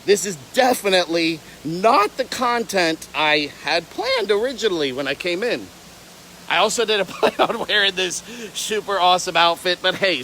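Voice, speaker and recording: A man's voice: high-pitched, sharp tone, slight background noise, rough recording. A young man from Florida who keeps alligators, chatting playfully on a casual outdoor livestream and wandering off on tangents. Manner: playful, rambling, jumps between tangents. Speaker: reptile keeper livestreaming.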